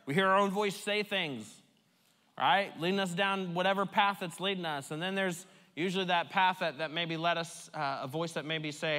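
Conversational pastor in a reverberant hall. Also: male voice, a little high, normal speed, sharp tone. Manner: conversational, emphatic, with playful repetition. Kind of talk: sermon. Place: church sanctuary.

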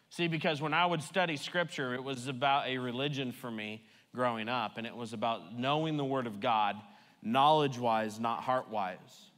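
Conversational pastor in a reverberant hall. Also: male voice, medium pitch, a bit bright. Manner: conversational, emphatic, with playful repetition. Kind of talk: sermon. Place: church sanctuary.

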